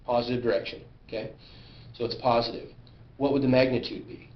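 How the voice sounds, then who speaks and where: A male physics teacher lectures his class, frequently asking questions and making sure students are keeping up. His mid-range voice has little pitch movement and runs a bit fast. Captured by a distant camera, the sound is roomy and dull.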